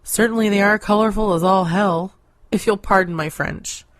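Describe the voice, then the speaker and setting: A woman narrating a short story in a deadpan, sardonic manner. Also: medium pitch, moderate pace, no room sound. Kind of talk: scripted story reading.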